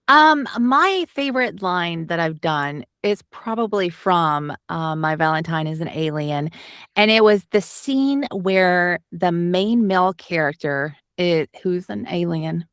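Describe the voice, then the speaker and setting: A woman's voice: lowish voice, slow, a bit bright, clear, resonant tone, dry recording, studio quality. Chatty woman with a light Southern accent. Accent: light Southern US, toned down. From Alabama, US. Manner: chatty, rambling with many fillers. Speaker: audiobook narrator, guest. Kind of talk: casual interview.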